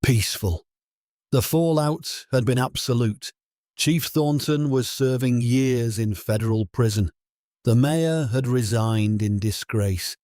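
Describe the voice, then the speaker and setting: Slow, solemn male storyteller. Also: mid-range voice, no echo, studio quality. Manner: steady, solemn. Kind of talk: scripted story narration.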